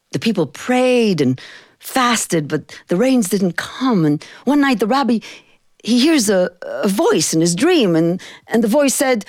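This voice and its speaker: A woman storyteller speaks in a low, rich voice. Her telling is intimate and rhythmic, full of feeling. The sound is dry and close. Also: darkish tone, no room sound. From Israel. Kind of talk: spoken storytelling performance.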